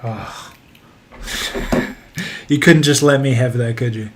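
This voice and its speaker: A man's voice: mid-range voice, steady tone, slow pace. Joking New Zealand man on a noisy stream. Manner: joking, self-mocking. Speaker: livestream host. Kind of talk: casual chat while sanding a model kit. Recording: clear background noise.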